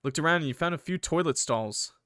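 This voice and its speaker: A young man reading a visual novel aloud as a gaming creator, breaking off into excitable, swearing reactions. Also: a little high, brisk, no room sound, studio quality.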